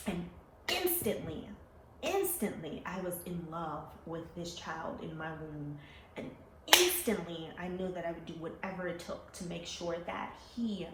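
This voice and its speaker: A woman telling her own life story to her viewers, emotional and animated, acting out the voices she quotes. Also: fairly low pitch. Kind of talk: personal storytelling to camera. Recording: echoey room with faint ambient noise.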